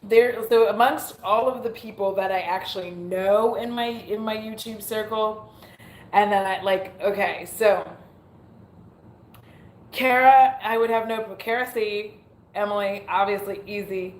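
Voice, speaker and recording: A woman's voice: medium pitch, measured pace, a little hiss or hum. A young adult woman chatting casually on her livestream, giggling, mocking herself and swearing freely. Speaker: beauty YouTuber hosting a livestream. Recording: roomy echo.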